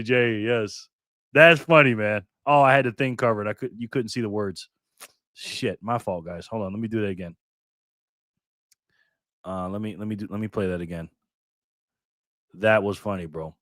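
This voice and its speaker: An older man hosting a casual live stream, loudly greeting viewers by name and muttering to himself while he fiddles with his phone. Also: fairly low pitch, normal speed, long pauses, no room sound, clean studio sound. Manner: loud upbeat shout-outs, drops to mutters while fiddling with phone.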